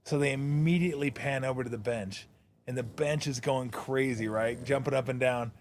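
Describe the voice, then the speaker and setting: A man hosting a casual podcast, telling stories in a lively way and laughing at his own punchlines. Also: mid-range voice, normal speed, slight background noise. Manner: animated storyteller, laughs through punchlines. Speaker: podcast host, former NBA broadcaster. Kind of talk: casual storytelling chat.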